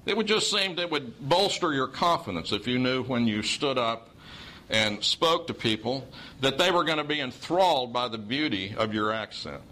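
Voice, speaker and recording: A man's voice: mid-range voice, expressive, moderate pace, sharp tone, low-quality recording. A man from Oklahoma with a Southern accent, preaching a sermon in a folksy storytelling way with dry humor.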